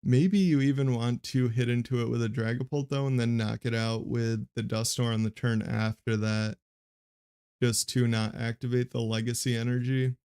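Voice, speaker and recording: With a smooth, mid-range voice at normal speed, this young man streams a card game match. His play-by-play wanders casually, delivered in a monotone with plenty of fillers.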